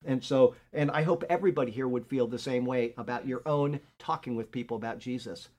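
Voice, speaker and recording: A man's voice: medium pitch, a little fast, a little mellow. An older man teaching a Bible class in an earnest, conversational way, often checking in with his listeners. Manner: conversational, earnest, frequent "okay?" check-ins.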